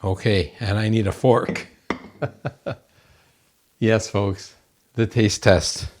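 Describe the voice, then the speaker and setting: A man's voice: lowish voice, steady tone, very slow, a little mellow. A man hosting a home cooking show from his kitchen, gushing over the food and talking to viewers as folks.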